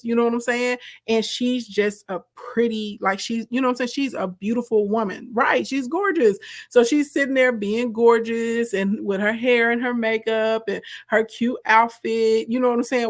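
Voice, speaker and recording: A woman hosting a live stream, coaching viewers in a direct, emphatic, chatty way and answering their comments. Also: fairly high pitch. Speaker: host, content coach.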